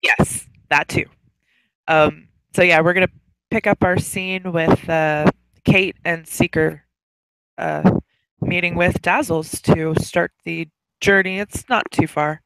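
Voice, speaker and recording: Slow, gravelly woman storyteller. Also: lowish voice, steady tone, a bit bright, no echo, low-quality recording. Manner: rambling, many fillers. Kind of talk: setting up a role-play scene.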